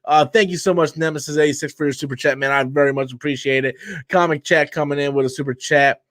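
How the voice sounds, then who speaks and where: A man's voice: a little high, steady tone, fast talker, a bit bright, dry recording. A tired man hosting a live stream, ranting bluntly and profanely in a loose, rambling casual way.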